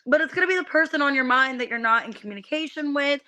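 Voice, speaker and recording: A woman's voice: high-pitched, quick pace, bright, forceful tone. A young adult woman reading tarot on a live stream, chatting casually with many fillers and greeting viewers by name.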